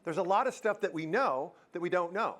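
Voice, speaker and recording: Man, motivational speaker, high-pitched, jokey, quizzes the crowd, live auditorium talk. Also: expressive, fairly quick, a bit bright. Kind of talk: live keynote talk to an audience. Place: university auditorium.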